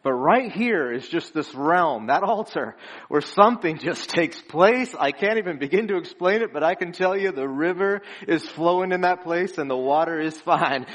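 A man's voice: a little high, animated, normal speed, fairly bright tone. A young man preaching a conversational sermon as pastor, earnest and storytelling, chuckling between phrases.

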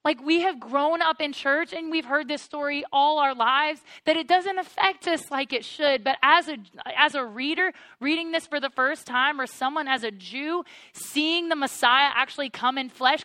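Bright, earnest woman teaching the Bible. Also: high voice, no room sound. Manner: earnest, builds to excited wonder; addresses listeners as "you guys". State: choked up with emotion.

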